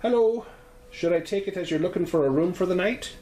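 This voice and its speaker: A man's voice: high-pitched, fairly quick, dark tone, roomy sound, a little hiss or hum, pitched above the performer's own voice, lightly acted. A man voicing a chatty village landlady with a put-on Scottish-sounding lilt. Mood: welcoming. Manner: chatty, lilting, homely. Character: kindly village landlady, warm but guarded.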